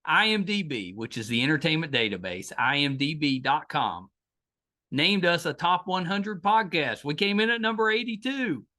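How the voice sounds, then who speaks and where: A middle-aged man with a West Virginia accent hosts a casual podcast chat. His pitch is a little high and swings widely as he talks. He sounds enthusiastic, often restarting his sentences. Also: animated, moderate pace, pushed and bright. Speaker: podcast host.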